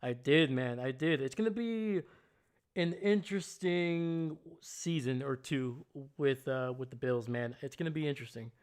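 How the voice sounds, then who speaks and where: A man's voice: measured pace, smooth. A man hosting a casual football livestream, rambling through thoughts and chatting with viewers as he goes. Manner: rambling and chatty, greets chat loudly with pitch jumps. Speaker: livestream host. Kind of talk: casual live sports chat with viewers.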